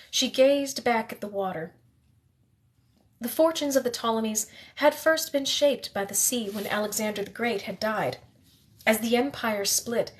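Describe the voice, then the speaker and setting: A woman reading a novel aloud in the first person, steady, with the odd slip she corrects. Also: a little high. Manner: steady reading with occasional slips and self-corrections. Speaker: reader.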